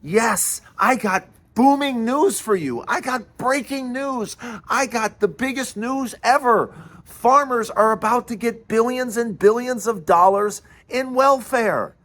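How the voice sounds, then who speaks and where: High-voiced man in a profane, sarcastic rant. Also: slow, a bit bright. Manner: fiery, scornful. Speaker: political commentary host. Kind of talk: ranting political commentary.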